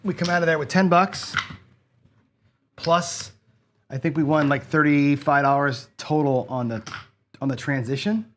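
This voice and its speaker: A man with a fairly high voice and fairly even intonation speaks a little slowly, leaving long pauses, over a little hiss or hum. In casual live-stream commentary as an online craps host, he talks to chat and swears in frustration at his losses.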